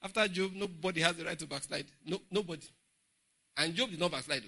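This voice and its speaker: A middle-aged man with a Nigerian English accent preaching a humorous, animated Bible study sermon in church. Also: fairly high pitch, a little fast, creaky. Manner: humorous, laughing, animated storytelling. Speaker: pastor.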